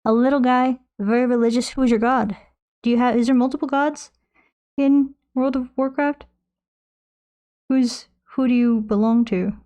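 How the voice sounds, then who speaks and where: A woman's voice: on the high side, steady tone, normal speed, dark tone, muffled recording. A young woman streaming while she paints, chatting casually into a desk mic, rambling and poking fun at herself as she answers her chat. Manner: rambling, self-mocking, reads chat aloud. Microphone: desk microphone close by.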